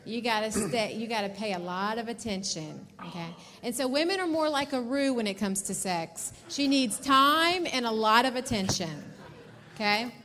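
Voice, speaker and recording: A woman's voice: on the high side, expressive, normal speed, fairly bright tone. A woman teaching couples at a marriage seminar, speaking directly and often checking in with "okay?".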